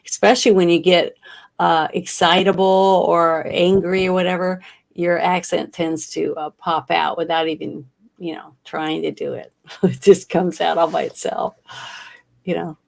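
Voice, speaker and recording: Southern woman co-host, low gravelly voice, easygoing and chatty with lots of laughs. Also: level tone, a little slow, darkish tone. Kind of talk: casual chat.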